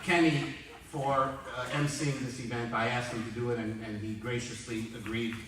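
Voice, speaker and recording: A man in his sixties tells dry, self-mocking roast stories. His voice sits at an ordinary pitch. He stands far from the mic, and the recording is full of hall echo and heavy noise. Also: fairly even intonation, moderate pace. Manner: dry joke delivery, self-mocking anecdotes. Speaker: roast speaker. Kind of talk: roast comedy storytelling.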